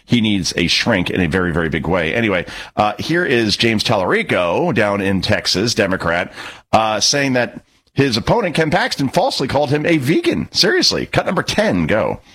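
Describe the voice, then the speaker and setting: A male talk radio host with a slightly husky voice. He delivers an opinionated monologue with sarcastic emphasis, his pitch swooping widely as he mocks. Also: very animated, moderate pace, a bit bright.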